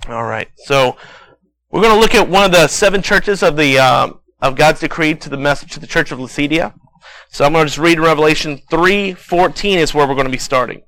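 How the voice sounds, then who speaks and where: A man's voice: fairly high pitch, brisk, fairly bright tone, low-quality recording. A man preaching a sermon in a conversational, storytelling way, reading scripture and praying.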